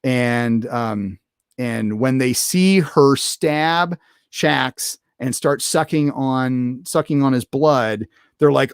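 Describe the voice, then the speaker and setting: A man's voice: mid-range voice, takes it slowly, clean tone, dry recording, studio quality. A man hosting a show, recapping an episode in casual unscripted talk, rambling with many fillers and restarts. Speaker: podcast host reviewing an episode.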